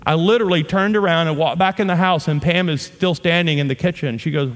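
A man's voice: fairly high pitch, brisk. A middle-aged man from Louisiana, preaching a sermon as a pastor with humorous storytelling and playful asides to the audience. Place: church auditorium. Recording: long reverb of a large hall.

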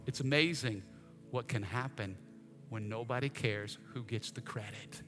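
A male pastor preaching a sermon in an animated style, acting out scenes with humor. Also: on the high side, unhurried. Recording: long reverb, faint music behind.

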